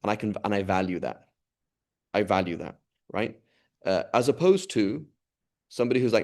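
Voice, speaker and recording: A man's voice: lowish voice, expressive, normal speed, gravelly, pauses often, a little mellow. A man giving a casual religious talk in a conversational way, often checking in with the listener and acting out quoted dialogue. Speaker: religious teacher.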